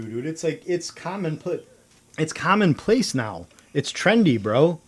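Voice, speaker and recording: A man's voice: a little high, big pitch swings, a little slow, breathy edge. A man hosting a livestream, chatting casually in a rambling way, full of swearing and slang. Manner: rambling conspiracy talk. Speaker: livestream host.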